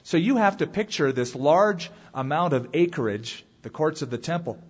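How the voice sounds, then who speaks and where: Male pastor, husky and fairly high, animated sermon delivery, dull lo-fi sound. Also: normal speed. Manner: dramatic, animated preaching that swings from loud calls to quiet asides.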